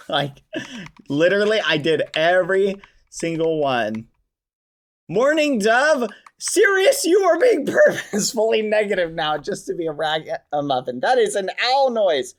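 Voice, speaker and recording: A man's voice: a little high, sing-song, measured pace. A man live-streaming a game, talking straight to his chat and swapping swear words for clean ones.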